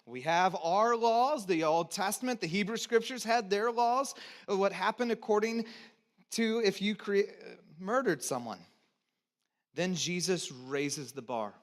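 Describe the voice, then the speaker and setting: High-voiced pastor preaching. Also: male voice, unhurried. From United States (Texas, California). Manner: conversational, invites congregation to repeat words; dynamic, swings between loud emphasis and quiet low asides. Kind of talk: sermon.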